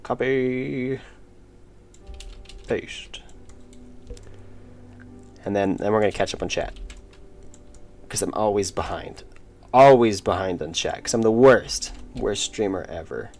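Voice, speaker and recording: A man's voice: on the low side, slow, creaky, long pauses, a little mellow, soft background music. A young man streaming his indie game work, rambling casually and reading chat aloud with self-deprecating jokes. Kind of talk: casual live-stream chat while working.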